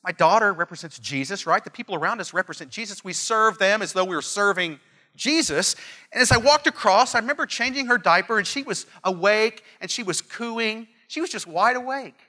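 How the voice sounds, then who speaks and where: Male pastor, middle-aged, bright slightly high voice, emphatic and repetitive sermon delivery. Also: animated, fairly quick. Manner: earnest, emphatic, repeats phrases, storytelling asides.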